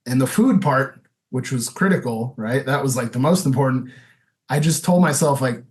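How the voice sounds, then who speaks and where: A man's voice: medium pitch, expressive, normal speed. A man in his thirties telling his own story as a podcast guest, candid and loose, full of "you know" and "like". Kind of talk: casual interview storytelling.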